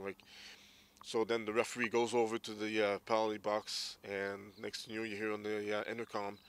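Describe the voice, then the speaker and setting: A man's voice: fairly low pitch, flat delivery, a little fast, a little hiss or hum. A man around forty, a former hockey player, candidly recounting his memories in an interview. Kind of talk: casual interview storytelling.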